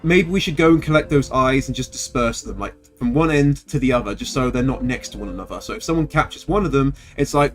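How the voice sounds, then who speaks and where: A man streaming a video game, chatting to viewers in an animated, rambling way. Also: medium pitch, quick pace, faint music behind. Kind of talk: casual gameplay commentary.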